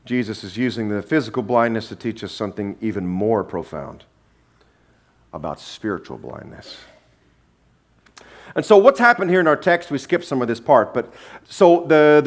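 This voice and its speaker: Lively pastor preaching. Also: male voice, mid-range voice. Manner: animated storytelling, acting out quotes with shifting voices; sarcastic, humorous asides. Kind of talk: sermon.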